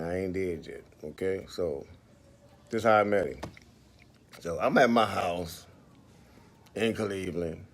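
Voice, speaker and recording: A man hosting a casual livestream, telling stories in an animated, profane way and laughing often, speaking into a phone. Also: sits low.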